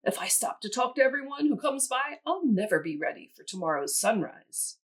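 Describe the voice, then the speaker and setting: A woman's voice: on the high side, big pitch swings, fairly quick, slightly rough. A woman playing an impatient storybook rooster. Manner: brusque, dismissive. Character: busy, impatient male rooster.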